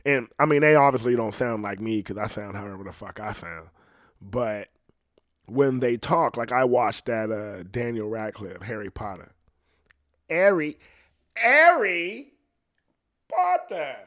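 A man's voice: on the low side, normal speed, no echo, clean studio sound. An American man talking in a rambling, profane, casual way, often laughing. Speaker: podcast host. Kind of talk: casual chat.

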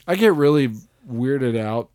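A man chatting on a podcast, telling stories with a lively swooping voice that leaps high when he acts out a scene. His delivery is loose and expressive, with plenty of casual swearing. The recording is close and dry, with no room sound. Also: unhurried, dry recording. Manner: animated storyteller, acts out scenes with big pitch jumps, swears. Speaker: podcast co-host. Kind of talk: casual chat.

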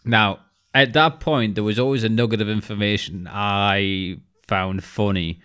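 A man's voice: lowish voice, fairly even intonation, a little slow, fairly bright tone, clean tone. A man hosting a podcast, talking in a sarcastic, sweary way in casual chat and acting out other people's voices. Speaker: podcast host.

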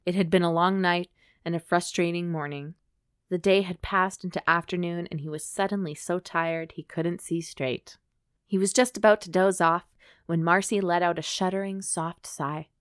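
A woman's voice: on the low side, smooth, no echo, studio quality. A woman co-hosting a podcast, reading a romance novel aloud steadily and breaking off for wry jokes. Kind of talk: dramatic reading with joking commentary.

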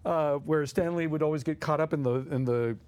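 Animated male storyteller. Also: fairly high pitch, brisk. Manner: animated storyteller, laughing, acting out quotes. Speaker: guest co-host. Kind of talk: casual anecdote telling.

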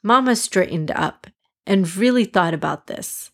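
Woman reading a children's story. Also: mid-range voice. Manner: even, measured read-aloud. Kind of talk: scripted storybook narration.

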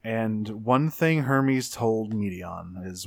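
Male podcast co-host with a low pitch and a dry, close sound; casual recapping that slips into quoted character lines. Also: unhurried, no echo. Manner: retells a story step by step, acting out character lines. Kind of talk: casual game discussion.

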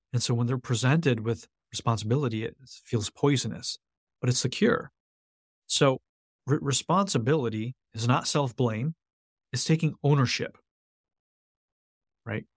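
A man's voice: mid-range voice, breathy edge, no echo, studio quality. A man as a podcast guest, explaining his ideas earnestly in conversation and repeating key phrases for emphasis. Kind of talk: conversational interview.

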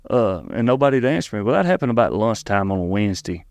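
Earnest Tennessee man with a low voice. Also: sing-song, darkish tone, dry recording. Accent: Southern US, Tennessee. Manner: earnest, halting, with frequent restarts and repeated words. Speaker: guest. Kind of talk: personal storytelling in an interview.

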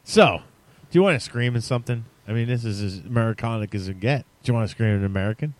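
A man co-hosting a podcast in casual chat, easygoing and quick to laugh. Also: on the low side, lively intonation. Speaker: podcast co-host.

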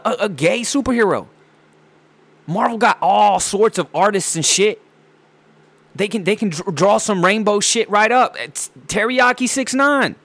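A man's voice: high voice, fairly bright tone, dry recording. A man hosting his own show, ranting in a profane, rambling way about movies and sports news. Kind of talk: casual ranting monologue.

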